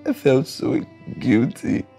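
An actor playing an earnest, guilt-ridden young man who speaks slowly and heavily in a film. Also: medium pitch, very animated, creaky, warm tone, soft background music, heavily acted. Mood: grieving. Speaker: grieving brother and rival suitor. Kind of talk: film acting.

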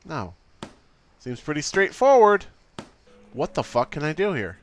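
Slow, exasperated man playing a game. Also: on the high side, sing-song. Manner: exasperated, swears a lot, reads options aloud. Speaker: gaming YouTuber. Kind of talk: let's play commentary.

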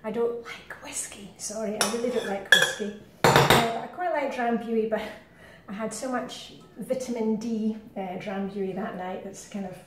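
Scottish lady chatting while she cooks, kinda high voice, super echoey kitchen, mic far off. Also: moderate pace, noisy background. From Scotland. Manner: chatty, rambling, self-deprecating asides. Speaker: cooking vlogger. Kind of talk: casual cooking demonstration. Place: home kitchen.

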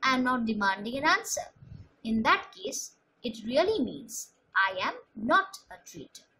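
High, animated woman teaching grammar. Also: creaky, a little hiss or hum, rough recording. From India. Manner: slow, emphatic explaining with repeated examples. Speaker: school English teacher. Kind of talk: recorded grammar lesson.

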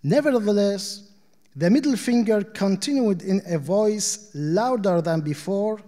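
A man reading short fables aloud at a literary panel in a measured, deliberate way. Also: high-pitched, animated, mellow. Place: arts center auditorium. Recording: long hall reverb.

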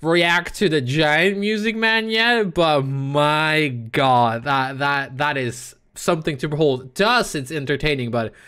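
A man hosting a reaction compilation, talking in a relaxed, amused way. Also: on the high side, measured pace, few pauses, smooth. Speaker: compilation host. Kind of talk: casual video commentary.

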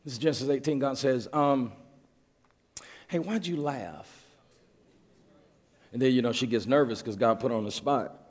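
A man preaching a sermon as pastor, building up to shouted passages. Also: mid-range voice, quick pace. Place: large church sanctuary. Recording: reverberant church hall.

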